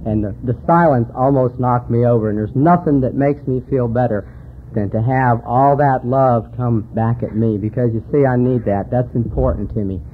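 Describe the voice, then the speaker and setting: A man's voice: mid-range voice, normal speed, slight background noise. A man speaking at a recovery conference, telling folksy jokes and stories to an audience in a hall. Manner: folksy joke-telling storyteller. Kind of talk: recovery meeting talk with jokes. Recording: tinny phone-like hall recording.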